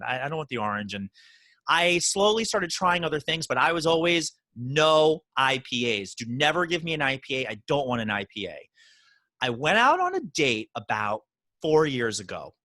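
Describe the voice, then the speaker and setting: A male podcast host telling stories and teasing his guest. His voice is bright and rides up and down in pitch. The sound is dry, with no room echo. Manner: joking, storytelling, teasing. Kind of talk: casual chat.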